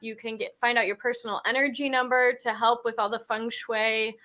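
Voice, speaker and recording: A woman hosting a live-stream video call, wrapping up with an upbeat pitch that points viewers to links and free offers. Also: level tone, brisk, pushed and bright. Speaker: host.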